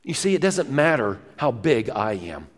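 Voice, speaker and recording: A man's voice: mid-range voice, very animated, moderate pace, long reverb tail. A man preaching a sermon in a church, folksy and fond of jokes and stories. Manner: folksy storytelling, tells jokes. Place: church sanctuary.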